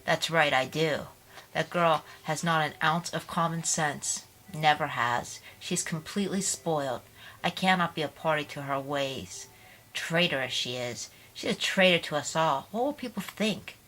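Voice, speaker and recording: A woman's voice: low-pitched, a little slow, fairly bright tone, poor audio. A woman voicing a sour, disapproving older woman who scolds with scorn. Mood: scornful.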